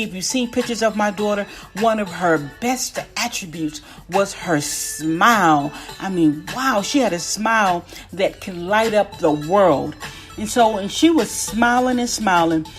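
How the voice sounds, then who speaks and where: Brief: middle-aged woman, spiritual testimony, slow and emotional, repeats her lines, soft music behind. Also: mid-range voice. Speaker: inspirational speaker.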